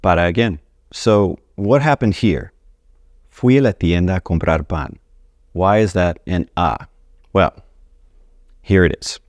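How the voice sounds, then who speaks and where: A man's voice: low voice, unhurried, long pauses, darkish tone, dry recording, studio quality. A man teaching a casual video lesson on Spanish grammar, chatty and friendly as he talks straight to his viewers. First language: English.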